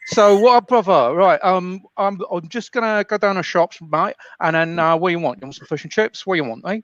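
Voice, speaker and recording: A cocky, shady young London geezer , put on by a man barks out his lines in a brash South London accent. He is pushy and excitable and sits high and loud above a normal speaking voice. It comes over dull, lo-fi call audio. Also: normal speed, no room sound, close to an everyday voice.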